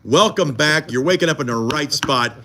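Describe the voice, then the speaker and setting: A man's voice: a little high, moderate pace, creaky, pushed and bright, slight background noise. A man co-anchoring a morning TV news show, joking and teasing his co-host in casual banter behind the scenes. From United States.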